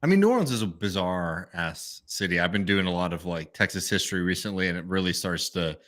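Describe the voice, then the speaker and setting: A man's voice: sits low, lively intonation, brisk, fairly bright tone. A man speaking as a podcast guest in a rambling casual chat, chuckling as he talks. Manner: rambling, chuckles mid-sentence. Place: Austin, Texas.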